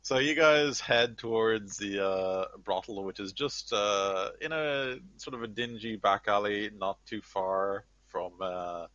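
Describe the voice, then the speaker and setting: Man, game master, very low voice, rambling with fillers, dull lo-fi mic. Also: slow pace, few pauses, fairly bright tone, no echo. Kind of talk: narrating a tabletop game.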